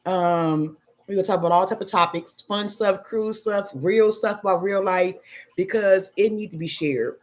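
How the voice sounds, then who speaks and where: A woman's voice: mid-range voice, moderate pace. A middle-aged woman with a Chicago-area accent hosts a casual livestream, reading viewer comments and speaking candidly and emphatically. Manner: candid, emphatic, sipping wine. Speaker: livestream host.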